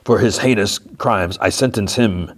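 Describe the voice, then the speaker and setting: A man doing a slow, stern pirate captain. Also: lowish voice, close to an everyday voice. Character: harsh, gruff pirate captain.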